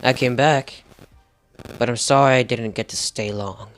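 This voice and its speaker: A man's voice: mid-range voice, steady tone, a little slow, soft background music, natural voice. A man voicing a dead male assassin's farewell letter to his son, apologetic in tone. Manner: reads a farewell letter aloud.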